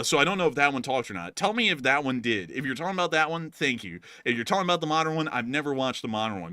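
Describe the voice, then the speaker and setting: A man's voice: medium pitch, bright, forceful tone, no room sound, clean studio sound. A man hosting a casual war news show, rambling and joking with many fillers. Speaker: host.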